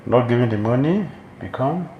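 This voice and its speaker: A man's voice: mid-range voice, animated, moderate pace, highs cut off, a little hiss or hum. A man giving a sermon as a spiritual teacher, emphatic and repeating key phrases for weight. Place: temple hall. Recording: roomy hall echo.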